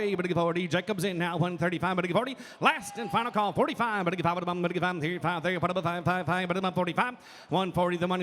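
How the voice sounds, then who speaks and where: Man, auctioneer, highish voice, repeating bid chant. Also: fairly bright tone, long reverb tail. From Oklahoma, USA. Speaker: auctioneer contestant.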